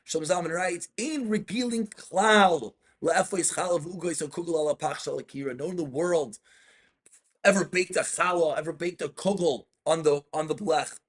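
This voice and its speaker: A male rabbi leads an in-depth study class on Jewish law. His voice sits fairly high, and he reads Hebrew passages aloud before unpacking them in English. He often cuts in on his students to slow them down. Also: breathy edge.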